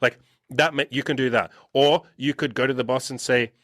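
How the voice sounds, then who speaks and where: A blunt, profane man talks through a casual podcast conversation and keeps slipping into the voices of the people he quotes. His voice sits at an ordinary middle pitch, and the sound is dry and close, with no room around it. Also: steady tone, fairly quick, fairly bright tone, dry recording. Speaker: podcast host and dating coach.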